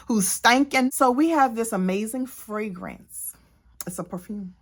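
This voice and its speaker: A woman talking casually to camera as a beauty vlogger, animated and playful, sometimes preaching, addressing viewers directly. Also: medium pitch. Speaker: beauty vlogger and cosmetics consultant. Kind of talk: casual vlog chat.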